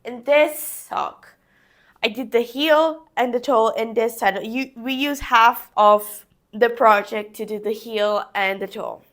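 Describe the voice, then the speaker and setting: A woman's voice: on the high side, slow, a bit bright. A young woman talking casually through a knitting project step by step, chatting to herself as she works. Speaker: crafting vlogger. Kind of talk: casual how-to narration while knitting.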